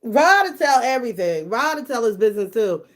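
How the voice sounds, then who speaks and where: A woman's voice: a little high, sing-song, fairly quick. A woman hosting a live stream, reading her chat aloud and gossiping bluntly and profanely, laughing often and talking straight to her viewers. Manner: talks directly to her viewers. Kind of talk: casual live-stream commentary.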